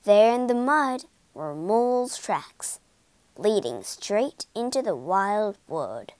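A woman reading a children's storybook aloud, expressive and unhurried. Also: mid-range voice, no room sound. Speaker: storybook narrator.

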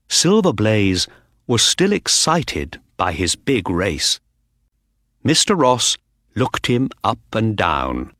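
A man narrating an audiobook in a slow, clear reading voice. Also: fairly low pitch, big pitch swings, a bit bright, no room sound, studio quality. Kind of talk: scripted narration of a graded reader.

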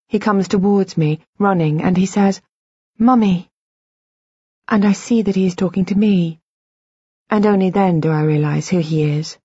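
A woman narrates an audiobook in a measured, quiet first-person voice. Her tone is low and husky, and the recording is dry with a slightly dull, lo-fi sound. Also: dry recording.

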